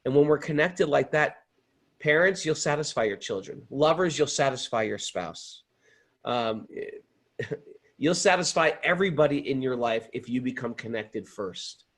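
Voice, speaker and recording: Husky man telling a story earnestly. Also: medium pitch, animated, measured pace, fairly bright tone. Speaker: host. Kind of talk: storytelling spiritual talk. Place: home in upstate New York.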